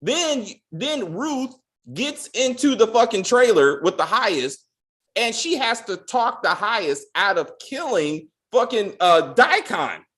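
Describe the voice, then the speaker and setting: A man's voice: sits high, big pitch swings, slow pace, fairly bright tone. A man hosting a casual spoiler review of a TV episode, ranting in a profane, exasperated way. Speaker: TV show reviewer.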